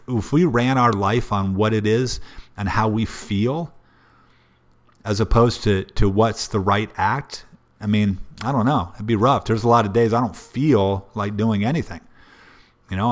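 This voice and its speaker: Earnest man with a lowish voice. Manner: earnest, repeats phrases, rhetorical questions. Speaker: parent giving life advice. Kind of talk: casual motivational talk.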